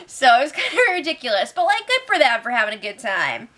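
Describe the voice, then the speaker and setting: A young woman with a high voice hosts a casual recap. She talks in a chatty, sarcastic way, laughs often, and slips into quick impressions of the people she describes. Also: very animated, bright, forceful tone. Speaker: show recap host.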